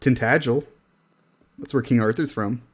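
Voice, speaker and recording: A man's voice: medium pitch, normal speed, husky. A man co-hosting a podcast in casual chat, wry and self-deprecating, often trailing off into a laugh. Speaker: podcast co-host.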